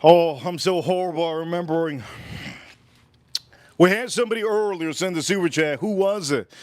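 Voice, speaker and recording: A man's voice: a little high, no echo. Playful, repetitive man hosting a livestream. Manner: repeats phrases, drawn-out and playful. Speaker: livestream host. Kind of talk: casual livestream chat.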